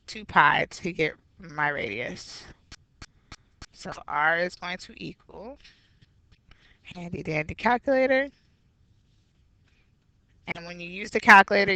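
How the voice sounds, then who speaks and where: A woman's voice: fairly low pitch, unhurried, gravelly, pauses often, pushed and bright, no echo. A woman math teacher walking through a geometry review step by step, patient and explanatory. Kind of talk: recorded geometry review lesson.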